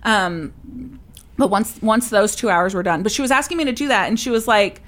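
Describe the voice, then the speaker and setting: A young woman co-hosting a podcast, chatting casually and telling a personal story with lively acted-out quotes. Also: medium pitch, moderate pace. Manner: animated storyteller, acts out quoted voices. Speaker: podcast co-host. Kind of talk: casual chat.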